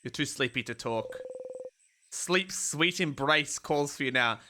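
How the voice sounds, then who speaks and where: A man voicing a calm, solemn game narrator, reading slowly and deliberately. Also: background noise, close to an everyday voice. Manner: slow, low, deliberate reading. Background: game music.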